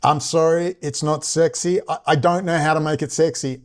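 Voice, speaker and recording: A man ranting in casual commentary, sarcastic and mocking, often jumping into high exasperated tones. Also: fairly even intonation, normal speed, a little mellow. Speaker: vlogger.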